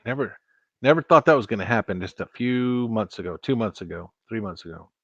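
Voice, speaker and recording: Sitting at his computer in a home studio, a man hosts a live stream and chats casually with viewers, rambling and restarting sentences. His voice is lowish, expressive and brisk. The recording is dry and lo-fi.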